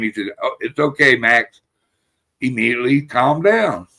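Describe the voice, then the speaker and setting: A man's voice: medium pitch, lively intonation, normal speed, gravelly, bright, forceful tone. A man hosting a casual podcast chat, telling long, rambling stories full of swearing and laughter. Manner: rambling, profane, laughs through his stories. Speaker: podcast host.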